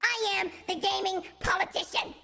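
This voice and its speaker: A man's voice: very high voice, steady tone, normal speed, creaky, bright, forceful tone, faint music behind, pitched above the performer's own voice, heavily acted. A man voicing a pompous, preachy male politician who is easily angered. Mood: indignant.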